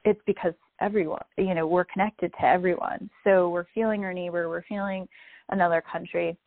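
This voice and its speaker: A woman calmly explaining ideas about emotions and mindfulness in a reflective, gentle manner. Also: lowish voice, brisk, dry recording. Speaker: guest speaker. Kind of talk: spiritual wellness talk. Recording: tinny phone-line audio, dry.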